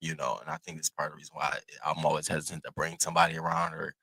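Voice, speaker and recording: A man hosting his own channel, telling a casual story to his viewers in an animated, profane, chatty way. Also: a bass voice, very fast, vocal fry, slightly rough, no room sound. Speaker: host.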